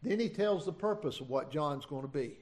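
Man, folksy preacher, slightly high voice, halting delivery. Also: lively intonation, darkish tone. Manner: folksy, halting, many restarts and asides. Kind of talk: informal sermon with scripture reading.

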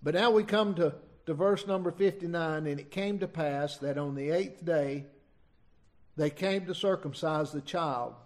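A middle-aged man preaching an informal sermon, reading scripture and retelling it in a folksy, halting way. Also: on the high side. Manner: folksy, halting, many restarts and asides.

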